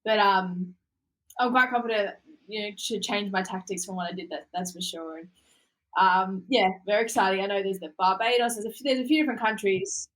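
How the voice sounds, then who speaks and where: A woman's voice: mid-range voice, a little fast, low-quality recording. Young aussie woman chatting easy on a podcast, lots of um and like, laughs a lot. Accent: Australian. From Australia. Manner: relaxed, laughs often, trails off into fillers. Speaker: guest boxer. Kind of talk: casual interview chat.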